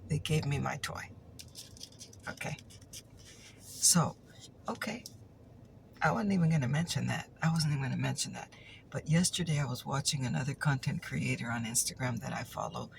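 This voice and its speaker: A woman's voice: a bass voice, normal speed, creaky, long pauses, noisy background. A woman telling a chatty ASMR story, teasing and repeating her punchlines, sometimes dropping into a whisper.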